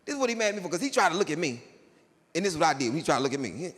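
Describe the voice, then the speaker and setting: Animated male comedian, bright and lively. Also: rapid-fire. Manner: animated, swings into high excited shouts. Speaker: stand-up comedian. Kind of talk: stand-up storytelling. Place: jail, large hard room. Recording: long hall reverb, faint noise.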